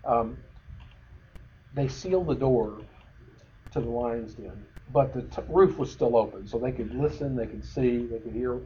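Man, bible study teacher, mellow voice, chatty and loose, dull lo-fi recording, faint noise. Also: medium pitch, unhurried. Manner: conversational, many fillers and restarts.

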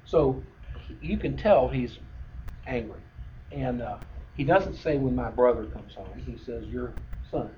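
A man's voice: mid-range voice, animated, unhurried. A middle-aged man preaching a sermon in a conversational way, full of fillers and restarts. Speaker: pastor. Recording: dull lo-fi sound with faint noise.

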